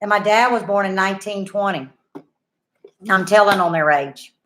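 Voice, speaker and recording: Older woman host, chatty, folksy storyteller talking straight to viewers at a mid pitch. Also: moderate pace, fairly bright tone. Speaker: homesteading channel host. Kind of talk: casual chat and storytelling to viewers.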